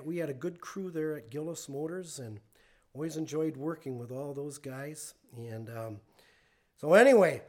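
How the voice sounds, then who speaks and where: A man with a notably high-pitched voice delivers a relaxed, conversational sermon. He talks in a folksy storytelling way, chuckling as he goes. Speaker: pastor.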